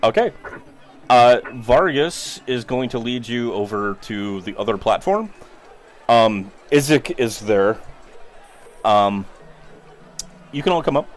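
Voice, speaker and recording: Give me a slow, relaxed male game master narrating a tabletop game. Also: mid-range voice. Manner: relaxed, searching narration with many ums.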